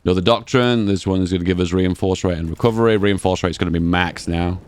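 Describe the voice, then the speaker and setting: A man giving casual, chatty commentary while playing a strategy game, thinking aloud and reacting excitedly to how it goes. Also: low-pitched, fast talker. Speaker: gaming channel host.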